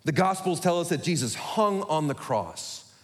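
A man preaching a sermon to his congregation, talking quickly with self-deprecating humor. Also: fairly high pitch, lively intonation. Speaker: pastor. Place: church sanctuary. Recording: echoey hall.

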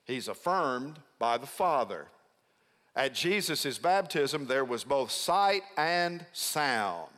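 A man's voice: medium pitch, big pitch swings, a bit bright. Emphatic middle-aged male pastor preaching. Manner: emphatic, prompts congregation responses; slows down to stress key words. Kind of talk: sermon. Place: large church sanctuary. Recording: long hall reverb.

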